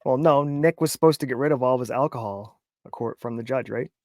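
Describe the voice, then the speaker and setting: A man's voice: mid-range voice, quick pace, darkish tone, dry recording, studio quality. A man co-hosting a casual chat, arguing his point and cracking crude jokes. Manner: argumentative, crude joking. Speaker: co-host.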